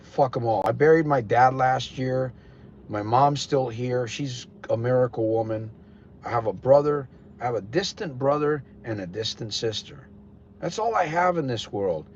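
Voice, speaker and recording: This man speaks at a normal pace in a mid-range, somewhat dark voice, hosting a live podcast stream with a Connecticut accent. His delivery is loose and blunt, wandering and frequently starting over, captured in dull lo-fi sound with a little background noise.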